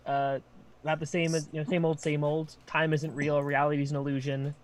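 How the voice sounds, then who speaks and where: A guest in a casual online chat speaks in a wry, deadpan way. The remarks come out in a mid-range voice with a dry, unbothered tone. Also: medium pitch, a little fast.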